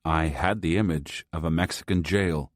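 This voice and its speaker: Male audiobook narrator, very deep voice, measured first-person storytelling, dry close sound. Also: no room sound.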